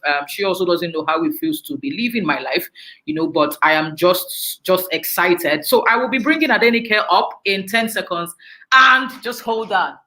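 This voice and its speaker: Woman host, bright, lively, quick to laugh, chatty interview opener. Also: lowish voice, low-quality recording. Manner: chatty, laughs often, playful asides. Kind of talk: live online interview hosting.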